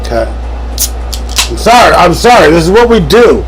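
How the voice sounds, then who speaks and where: A man streaming a strategy game live, ranting, swearing and yelling at an in-game character. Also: high voice, very animated, moderate pace, pauses often, music in the background, low-quality recording. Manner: yells and swears at an in-game advisor; hotheaded, profane, joking rants.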